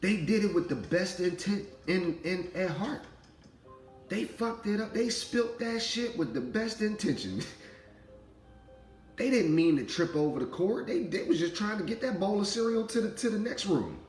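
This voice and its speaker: A man, in his thirties, giving an animated spiritual monologue about parenting and laughing as he acts out voices. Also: high-pitched, normal speed, roomy sound, faint music behind, low-quality recording. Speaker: spiritual vlogger, father.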